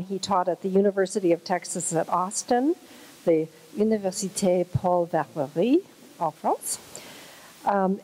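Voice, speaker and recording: A woman's voice: mid-range voice, dark tone, rough recording. A woman hosting at a conference, reading a speaker's introduction in a light, chatty way. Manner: light, chatty, laughs at own jokes. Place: conference hall.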